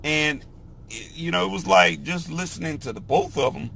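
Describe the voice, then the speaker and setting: A man in a casual monologue, talking haltingly with lots of fillers and restarts. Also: fairly high pitch, lively intonation, creaky, pushed and bright, a little hiss or hum. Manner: slow, halting, with many "you know" fillers and restarts. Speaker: speaker sharing opinions.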